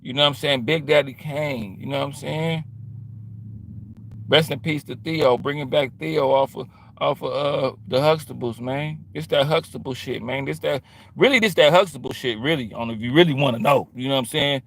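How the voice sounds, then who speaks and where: A vlogger delivers a casual, rambling monologue in streetwise slang, repeatedly drifting into quoting other people. His mid-range voice is creaky and moves at a normal speed, with a slight hiss or hum on the recording.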